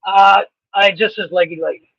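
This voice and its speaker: A man co-hosting a casual comedy podcast in a high voice, talking in an easygoing, offhand way. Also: steady tone, normal speed, creaky, a bit bright, no room sound, highs cut off. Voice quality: high voice, self-described as sounding like a little girl. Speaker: podcast co-host.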